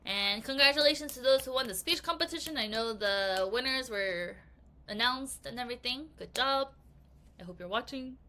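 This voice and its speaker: A woman teaching an English vocabulary lesson to children, reading aloud with bouncy, expressive emphasis. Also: fairly high pitch, normal speed.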